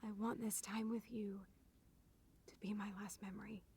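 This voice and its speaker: Brief: blunt, husky punk young woman for a game, mid-pitched, gritty edge. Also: flat delivery, normal speed, darkish tone. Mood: pleading. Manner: blunt, swears freely. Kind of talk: video game voice acting.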